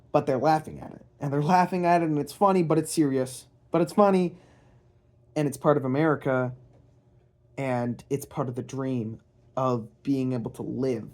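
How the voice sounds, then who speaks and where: With a medium-pitched, slightly mellow voice, a young male channel host rambles casually at home in vlog commentary. He's hesitant, restarting often and filling gaps with lots of fillers.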